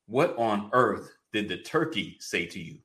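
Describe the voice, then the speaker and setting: A man's voice: fairly low pitch, expressive, measured pace, background noise. A man voicing a polite, apologetic male pet parrot as he reads a joke aloud in a formal way.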